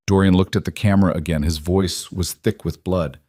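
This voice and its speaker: A man narrates a crime story in a measured, tense delivery. His voice sits low and the sound is dry and close, with no room around it. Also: steady tone, darkish tone, no echo. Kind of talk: scripted dramatic narration.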